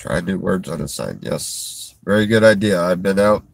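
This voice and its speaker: Strained low-voiced man on a livestream. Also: creaky. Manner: halting, strained, with restarts and sighs. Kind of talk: emotional livestream talk to viewers. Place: in a vehicle in a store parking lot.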